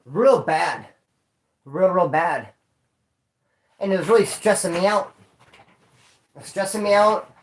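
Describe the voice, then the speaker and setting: A man's voice: high voice, measured pace, pauses often, slight background noise. A man hosting a livestream, telling stories in casual slang, rambling and repeating himself. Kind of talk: casual storytelling. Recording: roomy echo.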